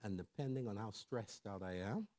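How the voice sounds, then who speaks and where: A middle-aged man giving a lively sermon-style talk on family and parenting, telling stories conversationally and checking in with the audience. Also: lowish voice, normal speed. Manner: animated storyteller who acts out quoted voices. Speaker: church speaker on family and mental health.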